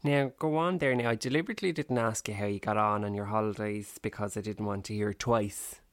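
A man's voice: on the low side, a little fast, no echo. Irish guy cohosting a podcast, teasing banter, dry close sound. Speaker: podcast co-host. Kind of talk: casual chat.

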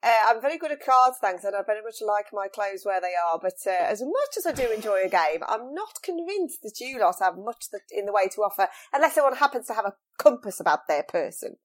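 A woman playing at a tabletop game, dry and measured. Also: medium pitch, very animated. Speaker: player. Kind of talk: tabletop role-play.

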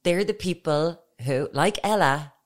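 A woman's voice: low-pitched, measured pace. A woman, co-hosting a podcast in casual, joking chat. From Ireland. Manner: joking, self-mocking storyteller. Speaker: podcast co-host.

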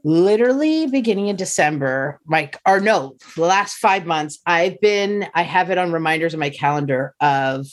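A woman's voice: lowish voice, animated, normal speed, few pauses. Woman telling a profane story. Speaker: comedian guest. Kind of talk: casual podcast chat.

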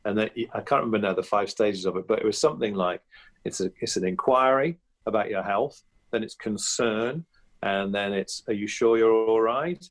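A man speaking as a comedy guest in an interview, telling animated anecdotes with frequent restarts. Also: on the low side, normal speed. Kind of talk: conversational interview.

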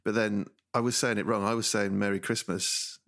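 A man's voice: lowish voice, level tone, a little fast, creaky, a bit bright. A man in a band telling a self-mocking story on a casual podcast, laughing as he goes. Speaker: band member.

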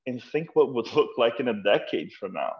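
A male company founder speaks as a podcast guest, building his argument through stories and rhetorical questions and landing his points with emphasis. His voice sits at a mid pitch. The audio is slightly dull and lo-fi. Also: sing-song, moderate pace. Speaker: start-up co-founder and executive, interview guest. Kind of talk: conversational interview.

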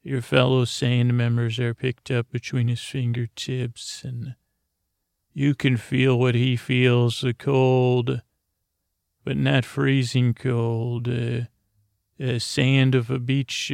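A man's voice: medium pitch, level tone, vocal fry, no room sound, studio quality. A man narrating a rambling bedtime story, meandering and full of restarts. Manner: meandering, slow, with restarts and fillers. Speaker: podcast host.

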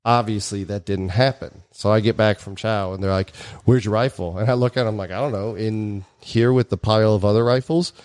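A man's voice: a little fast, few pauses. Casual man telling army stories. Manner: animated, acts out quoted voices with big pitch jumps. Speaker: former army bomb tech. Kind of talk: casual storytelling chat.

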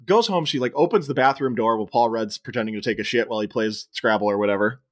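A podcast co-host with a medium-pitched voice talks fast as he casually recaps a movie's plot scene by scene. He retells the scenes with bits of quoted dialogue and laughs often.

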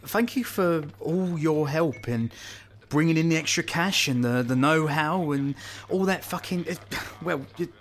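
A man playing a gruff, sweary football fan. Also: fairly high pitch, unhurried, hardly any pauses, natural voice. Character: gruff foul-mouthed male football fan leader, emotional.

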